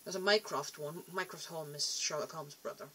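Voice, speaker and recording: A woman's voice: deep voice, moderate pace, fairly bright tone, a little hiss or hum. A young woman rambling casually to camera in a vlog, chatty and self-deprecating, often trailing off and restarting. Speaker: vlogger.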